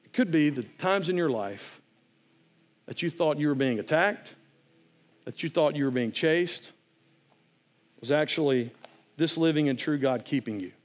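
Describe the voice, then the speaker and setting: Male pastor, sermon voice, earnest and conversational, pitch a touch higher than usual. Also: animated, a little slow, pauses often.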